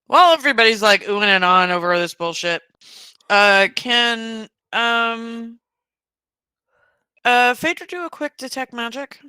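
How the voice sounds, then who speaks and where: A woman playing a tabletop game, asking the game master questions and dropping wry, quick asides. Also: fairly high pitch, pushed and bright, smooth, no echo, rough recording. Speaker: player.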